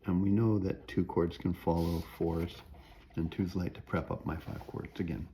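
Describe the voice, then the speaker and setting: A man's voice: deep voice, level tone, normal speed, warm tone, a little hiss or hum. A man teaching music theory in a recorded lecture, thinking aloud as he works through an example, often checking in with "right?" and now and then singing a tune in nonsense syllables. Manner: frequent tag questions.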